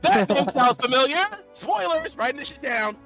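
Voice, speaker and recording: A man's voice: very high-pitched, animated, moderate pace, gravelly, sharp tone, highs cut off, faint music behind. A man playing in a tabletop game, throwing out joking heckles from across the table. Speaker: player.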